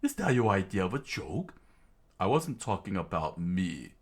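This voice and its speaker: A man's voice: deep voice, sing-song, moderate pace, slightly rough, exaggerated voice. A man voicing a cruel fishman pirate captain, mocking and gloating, while reading a manga aloud.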